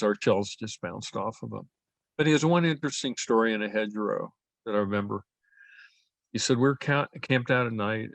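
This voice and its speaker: An older man recounting family history in an oral history interview, speaking haltingly with frequent fillers and restarts. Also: fairly low pitch, no room sound.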